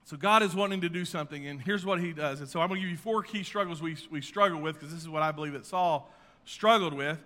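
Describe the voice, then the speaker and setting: A man preaching a sermon as pastor, with impassioned emphatic peaks and quiet asides. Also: fairly high pitch, quick pace, in a large hall. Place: church sanctuary.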